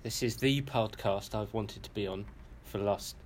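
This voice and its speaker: A man's voice: fairly low pitch, normal speed. A man joining a podcast as a guest, bantering in a jokey, easygoing way. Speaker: podcast guest, soccer coach. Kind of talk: casual podcast chat.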